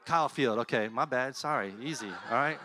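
A middle-aged pastor, preaching a sermon in a conversational, animated way and dropping to a soft, low voice for heartfelt points. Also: male voice, a little fast, a little hiss or hum.

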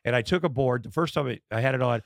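A middle-aged man, a comedian and podcast guest, in casual chat, telling candid stories with halting fillers and acted-out dialogue. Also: medium pitch, vocal fry, no echo, studio quality.

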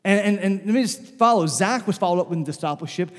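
A man's voice: sits high, quick pace. A male pastor telling stories in a loose, conversational sermon before his congregation. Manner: conversational, loose storytelling with frequent "like". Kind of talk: storytelling sermon. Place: church sanctuary before a congregation. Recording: long church hall reverb.

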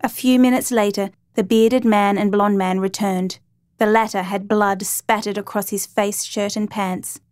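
A woman narrating a true crime story in a steady, measured reading voice. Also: mid-range voice, dry recording, clean studio sound.

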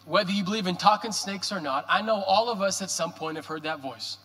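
Male pastor, animated joking sermon delivery, bright tenor voice, church hall echo. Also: sits high, fairly quick. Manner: animated, joking preacher with rhetorical questions. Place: church sanctuary.

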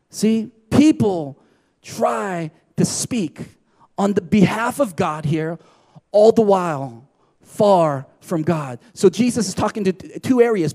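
A man's voice: sits high, a little mellow. A man preaching a sermon in an emphatic style, often asking his listeners "right?". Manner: emphatic, repeats "right?" to the audience. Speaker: pastor.

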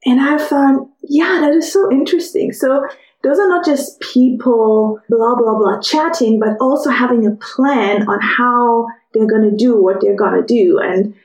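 Higher-pitched woman telling a story. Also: unhurried, echoey room, low-quality recording. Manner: lively storyteller, acts out overheard quotes. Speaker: podcast host. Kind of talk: personal storytelling podcast.

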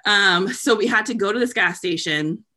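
A young woman from New England telling a story in casual chat, animated, laughing and swearing, with lots of "like". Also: mid-range voice, normal speed. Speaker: podcast co-host telling a story.

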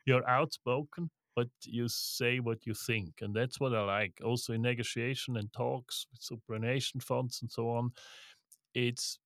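A man's voice: medium pitch, moderate pace, dry recording. A middle-aged man from Switzerland, a guest in an interview, speaking casually and telling stories with laughs and restarts. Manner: lively storytelling with laughs, frequent restarts. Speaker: guest, investment firm co-founder.

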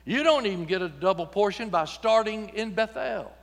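A man's voice: sits high, animated, normal speed, creaky, in a large hall. A man preaching a sermon in a church, folksy and joking, acting out voices when he quotes people. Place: church sanctuary.

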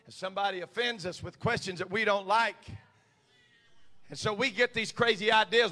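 High, bright-voiced preaching pastor. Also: male voice, fairly even intonation, moderate pace. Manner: swings from quiet confiding to shouted preaching. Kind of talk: sermon.

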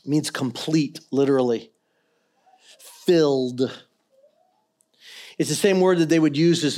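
A middle-aged man preaching a sermon as pastor, swinging between quiet earnest stretches and loud, impassioned ones. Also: a little high.

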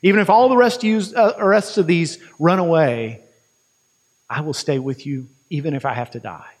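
Brief: man acting out a frightened disciple, earnest and pleading, fairly high voice. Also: normal speed, natural voice. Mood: boastful.

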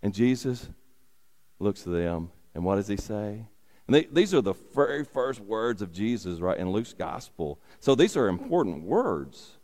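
Slow-preaching pastor in a reverberant hall. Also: male voice, lowish voice, big pitch swings, a little mellow. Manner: repeats key phrases for emphasis, rhetorical questions. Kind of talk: sermon.

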